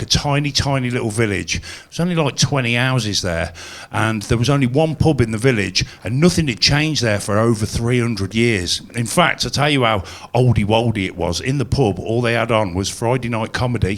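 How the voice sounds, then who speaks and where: A man's voice: mid-range voice, fairly bright tone. A man performing a chatty, self-mocking stand-up set at a live venue. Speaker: stand-up comedian.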